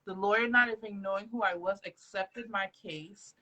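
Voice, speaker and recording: A woman's voice: mid-range voice, normal speed, pushed and bright, rough recording. A woman from Trinidad, hosting a casual faith conversation and telling her own story with emphasis.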